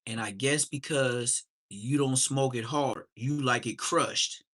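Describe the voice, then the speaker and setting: A man's voice: medium pitch, takes it slowly, a bit bright. A man from Southern California hosting a livestream, reacting in casual slangy chat and laughing a lot. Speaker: livestream host.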